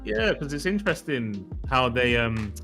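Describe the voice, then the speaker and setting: A man in a casual chat who talks hesitantly and thinks aloud, pausing on fillers. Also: mid-range voice, sing-song, vocal fry, fairly bright tone, soft background music.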